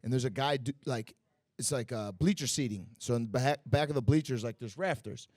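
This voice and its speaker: A male Muay Thai fighter with a mid-range voice tells stories during a casual podcast interview at a bar and grill, talking fairly quickly. He's animated and profane, packing his speech with fillers. The recording is dry and clean, with a studio sound.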